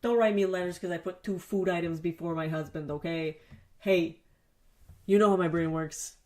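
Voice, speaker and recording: A woman's voice: fairly low pitch, fairly even intonation, moderate pace, a little mellow. A woman hosting a solo podcast in a casual, rambling way, swearing often and joking at her own expense. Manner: profane, rambling, self-deprecating. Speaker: podcast host. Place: home basement studio. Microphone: studio mic, spoken into its wrong side.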